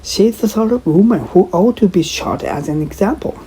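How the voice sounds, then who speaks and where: A woman reading aloud as an indignant young man, in a slightly raised voice with halting slips. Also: mid-range voice, animated, dark tone, slight background noise, pitched above the performer's own voice, close to an everyday voice, low-quality recording. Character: young man, brash and angry.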